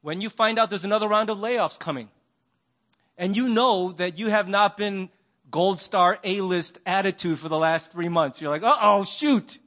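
A man's voice: sits high, normal speed, fairly bright tone. A man preaching a conversational sermon, telling stories and asking rhetorical questions. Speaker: pastor.

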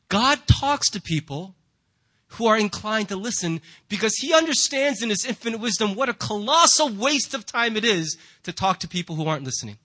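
A male pastor delivering a sermon in a church. His voice sits high and bright, and he preaches in an animated, humorous way. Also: normal speed.

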